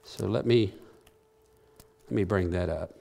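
A man's voice: sits low, unhurried, gravelly, mellow. A man preaching a sermon, reading scripture aloud and explaining it in plain everyday words. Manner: varies pace, drawing out key phrases and speeding up asides.

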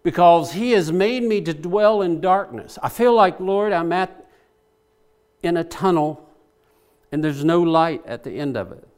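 A man's voice: fairly high pitch, animated, measured pace, a little mellow, clear, resonant tone. A male preacher giving a sermon, praying aloud with passion as he paraphrases scripture.

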